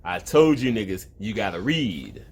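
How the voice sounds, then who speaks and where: Man, middle pitch, rambling, heavy swearing, comedic home commentary. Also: big pitch swings, moderate pace, a little hiss or hum. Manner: loose, rambling, heavy swearing, often interrupted. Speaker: online video host. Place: at home, with a cat in the room.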